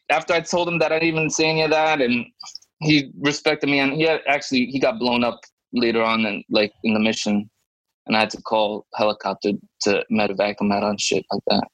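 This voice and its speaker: A man in his thirties, co-host of a podcast, telling a story in a casual, animated way and jumping into high voices when he quotes people. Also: a little fast, no room sound, low-quality recording.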